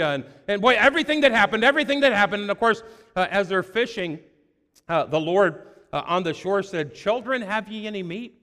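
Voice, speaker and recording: A man preaching a sermon in an earnest, halting way, full of fillers and repeated words. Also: high-pitched, lively intonation, pushed and bright, long reverb tail.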